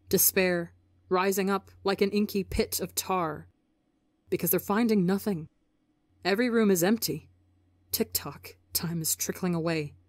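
A woman reading fan fiction aloud for a podcast, with expressive storytelling. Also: on the low side, measured pace, dry recording. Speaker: podcast reader.

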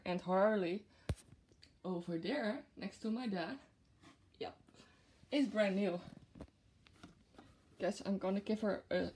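A woman's voice: medium pitch, darkish tone, husky. A young woman vlogging an unboxing in casual chat to camera, gushing and giggly. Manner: gushing and giggly, with frequent laughs. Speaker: vlogger showing a plush unboxing.

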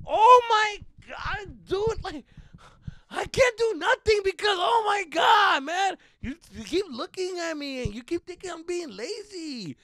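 A man acting out an overdramatic, whiny teenage boy who complains with shouts. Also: very high-pitched, sing-song, moderate pace, dry recording, voice pushed up, exaggerated voice. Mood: exasperated.

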